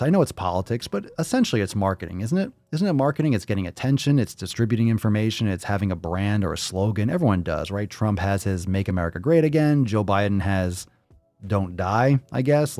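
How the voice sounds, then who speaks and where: A man's voice: fairly low pitch, darkish tone, no echo. A man hosting his own show, ranting in casual commentary, emphatic and profane, repeating words to drive his point. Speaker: podcast host.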